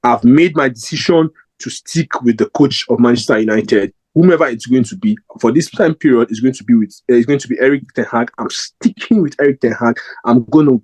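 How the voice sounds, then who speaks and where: A man's voice: medium pitch, brisk, few pauses, darkish tone, breathy edge, poor audio. A young man giving his opinion in a casual football fan vlog, rambling and emphatic with lots of fillers and restarts.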